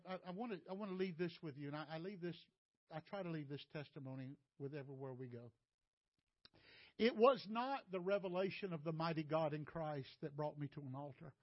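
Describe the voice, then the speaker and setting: A man, his voice pitched high and climbing to near-shouts before dropping to a hush. He sounds close to tears at times. The sound is dry and a little muffled, like a church feed. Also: no echo. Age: 60s. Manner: impassioned, rising to near-shouts and breaking toward tears. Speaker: preacher. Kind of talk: testimony sermon.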